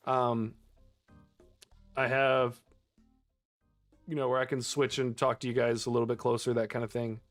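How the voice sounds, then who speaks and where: A man's voice: medium pitch, flat delivery, moderate pace, long pauses, faint music behind. A young man chatting casually with his viewers while he plays a game on stream, laughing often. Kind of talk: casual live-stream chat while gaming.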